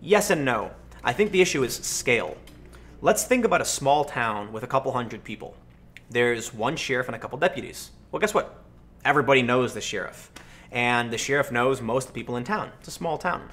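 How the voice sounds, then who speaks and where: Man, American, livestream host, casual, animated storyteller, mid-pitched voice. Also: a little fast. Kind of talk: casual livestream commentary answering chat.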